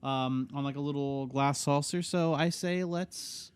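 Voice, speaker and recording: Slightly high-voiced man, casual chat. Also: steady tone, measured pace, smooth, no room sound. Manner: jokey, easygoing banter. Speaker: podcast co-host.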